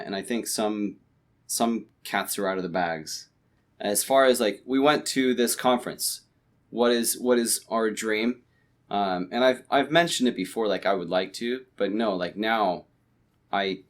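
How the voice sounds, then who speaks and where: A man with a fairly low voice talks through his plans in a relaxed podcast chat at home late at night. He rambles and restarts sentences often, with plenty of fillers. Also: unhurried. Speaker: podcast co-host. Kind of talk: casual chat.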